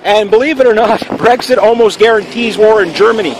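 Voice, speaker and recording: Vlogger: high-voiced man, loose and opinionated, lots of restarts, light noise underneath. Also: a little fast. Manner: rambling and opinionated, with frequent restarts and fillers. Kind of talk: casual opinion monologue.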